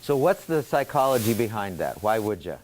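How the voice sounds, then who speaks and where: A man's voice: fairly low pitch, sing-song, normal speed. A man teaching a class, asking students questions and explaining ideas step by step. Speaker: instructor.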